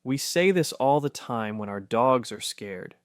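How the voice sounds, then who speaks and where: A man reading a scripted narration in a soft, steady, reassuring way. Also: medium pitch, measured pace, no echo, studio quality.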